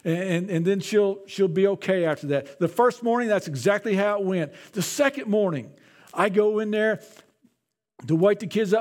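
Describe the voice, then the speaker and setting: A man's voice: high-pitched, moderate pace, a little mellow. A man, a pastor, preaching a sermon in a conversational way, often repeating his words.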